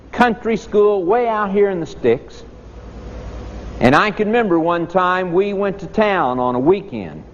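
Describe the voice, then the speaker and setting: A middle-aged man preaching a folksy, homespun sermon, telling a childhood story to his congregation. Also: slight background noise. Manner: homespun, animated, quotes children in a high voice. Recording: muffled hall recording.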